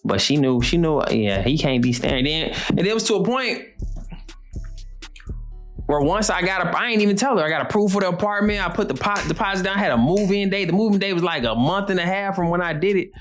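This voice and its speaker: A man's voice: high voice, animated, fairly quick, a bit bright, soft background music. A young man hosting a show, giving blunt, repetitive motivational talk full of slang. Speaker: show host. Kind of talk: motivational monologue.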